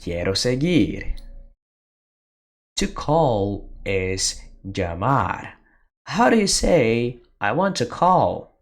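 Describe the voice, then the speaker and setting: A teacher giving a beginner Spanish lesson, drilling words and phrases slowly with pauses for the listener to repeat. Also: mid-range voice, very animated. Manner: slow, deliberate drilling with pauses for repetition. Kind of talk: slow beginner language lesson.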